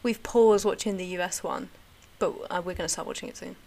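A woman's voice: on the low side, steady tone, brisk, gravelly, darkish tone. A young woman, chatting casually and enthusiastically, full of "like" fillers. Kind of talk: casual chat.

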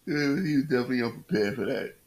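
A man in casual podcast chat, cracking jokes and reacting to his co-host. His voice sits at a middle pitch. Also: very fast. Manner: laughing, joking reactions.

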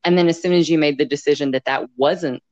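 A woman's voice: sits low, quick pace, a little mellow, dry recording. A woman from Canada who coaches runners, talking casually in a reflective, earnest way with stammering restarts. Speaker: running coach. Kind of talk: casual chat. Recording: dry, slightly dull sound.

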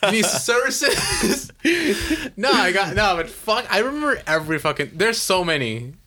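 A young man telling stories in casual chat, animated and swearing a lot, acting out what people said. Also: high-pitched, moderate pace. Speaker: podcast co-host.

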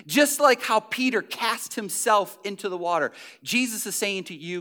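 A man with a notably high voice preaches to his congregation in a loose, conversational way. He circles back on key phrases, stumbles into restarts and pushes on with earnest emphasis. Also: animated, moderate pace, few pauses, bright, forceful tone. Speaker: pastor. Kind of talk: sermon.

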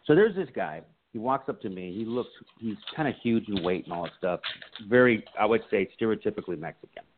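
American comedian guy telling stories, lowish husky voice, sounds like a phone line. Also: fairly quick, slight background noise. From United States. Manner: animated storyteller acting out quotes. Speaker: guest, comedian and writer. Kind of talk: casual interview storytelling.

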